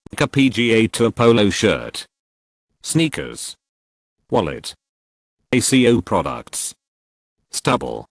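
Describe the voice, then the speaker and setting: A man's voice: lowish voice, no echo. A man narrating, reading out a list of online comments. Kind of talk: scripted narration.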